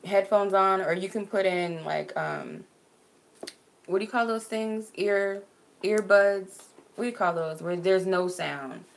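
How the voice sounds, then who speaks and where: A woman's voice: medium pitch, a little slow, gravelly. A woman from Arizona chatting casually on a livestream as a spiritual reader, answering viewers with frequent "like" fillers. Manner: chatty, many "like" fillers, laughs easily.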